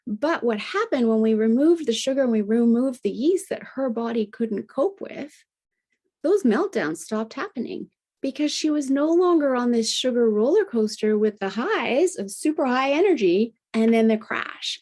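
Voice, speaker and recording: A woman's voice: expressive, normal speed, darkish tone. A middle-aged woman, a health coach, telling a personal story in a conversational podcast interview and often adding "you know" and "right?". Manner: acts out remembered dialogue with lifted pitch. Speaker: guest, integrative health practitioner and health coach.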